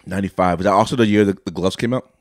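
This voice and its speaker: A man's voice: deep voice, racing, darkish tone, no echo, studio quality. A man co-hosting a podcast in casual chat, laid-back and agreeable, laughing often. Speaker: podcast co-host.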